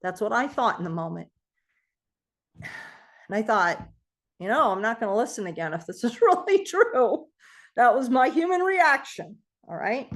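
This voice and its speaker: A middle-aged woman telling a personal story to a group, animated and acting out the voices of the people in it. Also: on the high side, normal speed, pauses often. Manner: animated storytelling, acts out quoted voices, laughs often. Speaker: guest speaker on self-healing.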